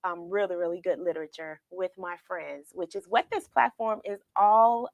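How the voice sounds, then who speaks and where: A woman's voice: lowish voice, moderate pace, gravelly, dry recording, highs cut off. A woman hosting a children's read-along livestream, talking tenderly and emotionally to viewers she calls friends. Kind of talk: casual livestream chat after reading.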